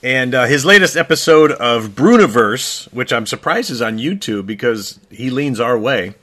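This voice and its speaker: A man co-hosting an opinion talk show in a casual chat, talking emphatically and rising in pitch when he gets worked up. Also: animated, moderate pace, a bit bright. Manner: frequent fillers and restarts. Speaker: co-host.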